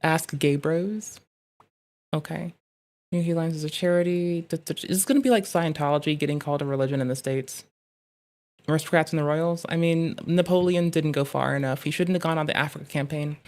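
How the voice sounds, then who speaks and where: Casual streamer rambling and cussing on a desk mic, mid pitch, just riffing out loud. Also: steady tone, brisk. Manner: rambling, profane, thinks out loud in riffs. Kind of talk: casual reaction stream commentary.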